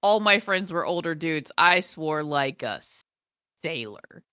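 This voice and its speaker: A woman co-hosting a casual chat, animated and swearing freely. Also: sits low, slow pace, clean tone, dry recording, studio quality. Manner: animated, swears freely, slips into joking voices. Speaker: podcast co-host.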